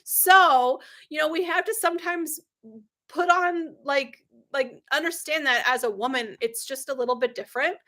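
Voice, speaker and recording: Telling stories on her livestream, this middle-aged coach speaks at a moderate pace in a high, bright voice. Her anecdotes are chatty and sarcastic, full of laughs and ums, with quoted lines acted out through dramatic pitch jumps, and she stays candid throughout.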